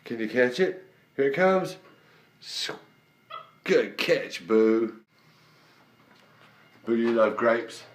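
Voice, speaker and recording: A man's voice: mid-range voice, animated, extremely slow, long pauses. A man talking to his pet monkey in its room, coaxing and praising it with frequent chuckles. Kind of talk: casual talk to a pet. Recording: echoey room, faint noise.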